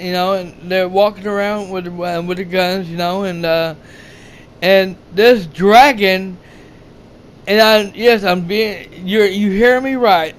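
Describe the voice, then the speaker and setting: Man, high-pitched, casual rambling movie-recap host. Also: a little hiss or hum. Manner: rambling, repetitive plot retelling with many "you know"s. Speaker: channel host reviewing a movie.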